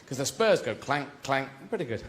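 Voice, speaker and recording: A man's voice: medium pitch, very animated, normal speed. A male stand-up comedian, rambling and digressive, acting out scenes in a live routine. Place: live venue with audience. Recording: roomy live venue.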